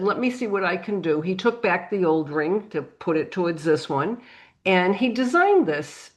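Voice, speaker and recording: A middle-aged woman with a New England accent, telling a lively anecdote on a panel and acting out the voices in it. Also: fairly low pitch. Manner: animated anecdote with acted-out quotes. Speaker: panel guest. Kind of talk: storytelling on a panel.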